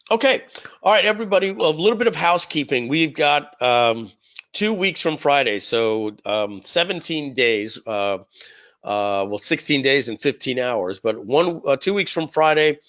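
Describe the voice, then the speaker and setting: A man with a mid-range, fairly bright voice hosts a live webinar in a casual, rambling way, saying "uh" a lot as he talks into a computer microphone. The sound is lo-fi.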